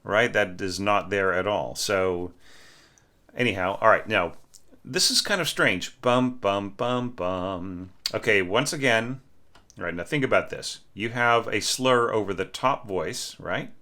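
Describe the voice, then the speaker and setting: A man with a somewhat low voice and a bright, forward tone gives a relaxed orchestration lesson. He talks casually over a score, sings snippets of the music, and keeps asking his listeners "right?". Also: a little slow. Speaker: orchestration teacher.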